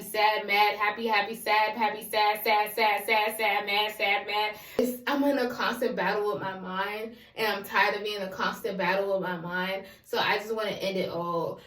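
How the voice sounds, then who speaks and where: A woman's voice: mid-range voice, a bit bright. A young adult woman talking candidly in a vlog, rambling and repeating herself in casual slang. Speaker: vlogger. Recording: echoey room.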